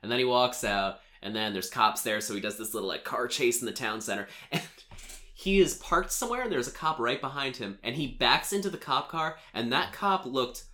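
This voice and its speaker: Bright-voiced man rambling casually. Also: mid-range voice, expressive, a little fast. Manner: chatty, rambling, full of filler "like"s and laughs. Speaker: podcast host recapping a film. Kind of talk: casual chat.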